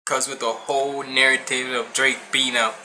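A man's voice: mid-range voice, little pitch movement, normal speed, sharp tone, slight background noise. A young man hosting a reaction video, talking in loose, slangy casual commentary and laughing often.

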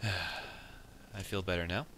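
Young male let's player, deep and edgy, easily annoyed, swears constantly; faint background hiss. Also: steady tone, slow pace, bright, forceful tone. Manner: frustrated, swears often, mutters at the game. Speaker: let's play gamer. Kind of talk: casual gameplay commentary.

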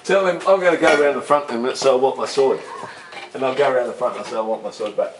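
A man's voice: medium pitch, expressive, rapid-fire, background noise. A man rambling profanely and sardonically outdoors beside a road. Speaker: subject of an experimental short film. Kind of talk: rambling off-the-cuff monologue.

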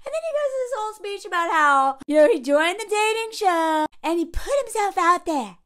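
A woman's voice: extremely high pitch, expressive, normal speed, fairly bright tone. A woman from the American South giving blunt, sarcastic commentary on a reality TV show and laughing often. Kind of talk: casual reaction commentary.

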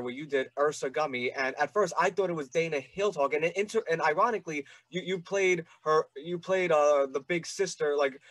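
A man's voice: on the high side, no room sound. A young man hosting an interview, asking long rambling questions full of "like" and "you know" and stammering restarts. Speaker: podcast host.

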